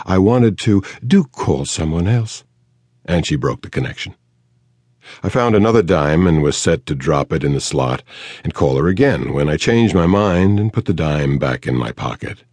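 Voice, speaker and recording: Very deep-voiced male audiobook narrator. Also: darkish tone, dry recording. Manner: measured, dry, matter-of-fact. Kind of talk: first-person audiobook narration.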